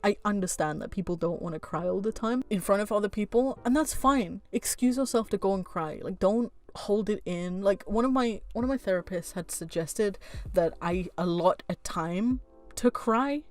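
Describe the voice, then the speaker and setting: A woman vlogger talks to camera in casual chat that turns into a frank, heated rant, blunt and animated, swearing freely and laughing at herself. Her voice is medium-pitched at normal speed, recorded dry.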